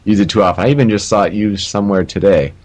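A man's voice: fairly low pitch, quick pace, a little mellow. A man co-hosting a podcast, chatting in an easygoing way with dry asides. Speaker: podcast co-host. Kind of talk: casual gaming chat.

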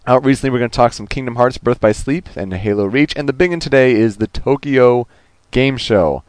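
A man's voice: medium pitch, brisk, smooth, no room sound. A man co-hosting a casual gaming podcast, rambling along with plenty of ums and uhs. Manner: relaxed, rambling with many fillers. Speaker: podcast co-host.

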